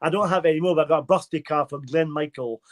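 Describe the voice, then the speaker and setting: A man's voice: a little high, fast talker. A man in his fifties, a guest on a live panel, chatting eagerly and reminiscing. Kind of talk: casual chat.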